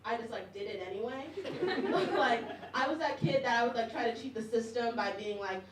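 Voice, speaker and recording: A woman's voice: fairly high pitch, expressive, moderate pace. A young woman performing a stand-up comedy set, chatty and self-mocking, laughing often between lines. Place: comedy club stage with audience. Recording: echoey room, mic heard from a distance, audience noise.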